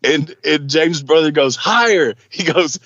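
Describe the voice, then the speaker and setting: A man's voice: a little high, normal speed, no echo, lo-fi sound. A male podcast host telling a rambling, profane story in casual chat, often laughing between lines.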